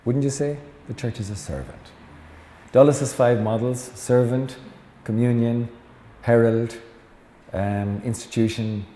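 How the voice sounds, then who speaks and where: A man's voice: medium pitch, fairly even intonation, a little slow, dark tone. A middle-aged Irish man, a Jesuit priest, giving a chatty lecture full of anecdotes and teasing asides to the audience. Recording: echoey hall with faint noise.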